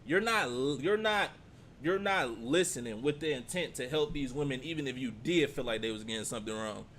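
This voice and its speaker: Animated man reacting to a clip. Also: mid-range voice, brisk, slight background noise. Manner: animated, talks back at the clip, repeats points. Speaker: reaction streamer. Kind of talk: casual reaction commentary.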